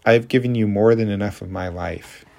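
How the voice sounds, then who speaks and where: A weary, blunt woman in her thirties, voiced by a man reading an audiobook pushes her words out with exasperated force. The voice stays deep and a little raised. It is steady storybook reading rather than full character acting. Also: normal speed, vocal fry. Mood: fed up.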